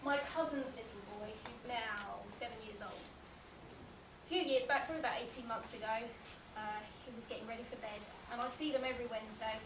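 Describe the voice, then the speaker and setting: A woman's voice: a little high, a little fast. A woman giving a storytelling talk about her work as a child therapist, acting out the voices in her anecdotes. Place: meeting room, recorded from the audience. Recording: echoey room, distant mic, background noise.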